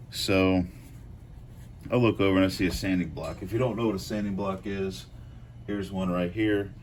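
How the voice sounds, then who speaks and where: Man with a very low voice, casual and profane knife-channel storyteller who rambles. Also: gravelly, a little hiss or hum. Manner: loose, profane, rambling with frequent fillers.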